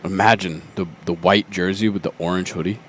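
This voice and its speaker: A man with a low voice adds color commentary to a baseball broadcast. He sounds relaxed and easygoing. He chats casually alongside his partner. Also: a little fast, slight background noise. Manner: relaxed, easygoing, chuckles often.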